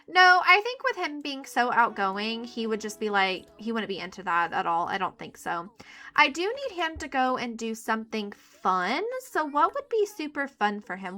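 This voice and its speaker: A young woman gives a chatty let's play commentary, addressing viewers as she plays a life-sim game. Her voice is bright and fairly high, and her pitch leaps around as she reacts. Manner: chatty, excitable, talks to viewers. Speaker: gaming YouTuber.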